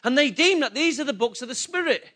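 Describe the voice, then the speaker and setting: A man's voice: very high voice, lively intonation, fast, sharp tone. A man preaching a sermon, emphatic and repetitive, asking the congregation rhetorical questions. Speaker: pastor.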